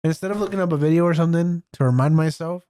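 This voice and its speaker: A man's voice: fairly high pitch, rapid-fire, warm tone, clean tone. Young guy w a stuffy nose, rambly storytelling on a chill podcast, laughs a lot. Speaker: podcast co-host. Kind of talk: casual chat.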